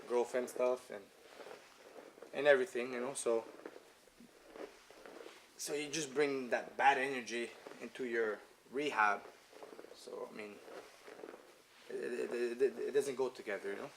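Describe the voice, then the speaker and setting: A man's voice: mid-range voice, a little hiss or hum. A man who owns a jiu-jitsu gym, telling a story in a casual interview with swearing and laughter.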